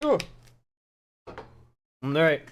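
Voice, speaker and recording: A man's voice: drawn-out words, a little hiss or hum. Man, game master, rambling, full of fillers, hiccuping. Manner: rambling, many fillers, laughs often. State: has the hiccups. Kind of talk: narrating a tabletop game stream.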